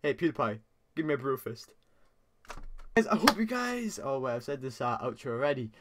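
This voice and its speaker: A man's voice: medium pitch, very animated, a little fast. A teenage boy doing casual reaction commentary as host, stammering and repeating words, laughing often.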